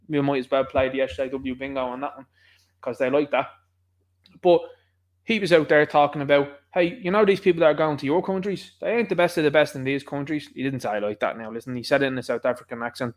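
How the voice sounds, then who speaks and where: A man with a Dublin Irish accent, hosting his own channel, giving rambling, combative political commentary in an impassioned way. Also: medium pitch. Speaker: channel host.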